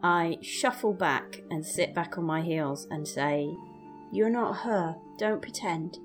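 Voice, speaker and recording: A woman playing her character in a tabletop role-play, talking in an earnest, questioning, animated way. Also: fairly low pitch, slow pace, music in the background. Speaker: player.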